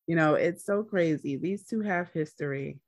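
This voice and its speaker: A woman's voice: low-pitched, normal speed, dry recording. A woman hosting a podcast, casually retelling a TV episode in a chatty storytelling way. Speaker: podcast host.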